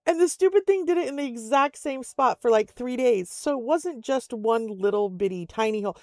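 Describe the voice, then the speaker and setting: An older woman chats and tells stories while playing a game, laughing often and slipping into little voices for other people. Her voice has a gravelly edge and sounds close and dry. She rambles comfortably from one tale to the next. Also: fairly high pitch, animated, a little fast, a little mellow, dry recording. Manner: chatty storyteller, laughs often, acts out voices. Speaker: streamer. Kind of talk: casual chat while gaming. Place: home in Alaska.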